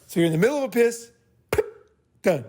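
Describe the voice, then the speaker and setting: This man leads a group meeting in a high, animated, fairly quick voice with a darkish tone. His advice is blunt, profane, and rambling, and he tacks on "right?" after each point.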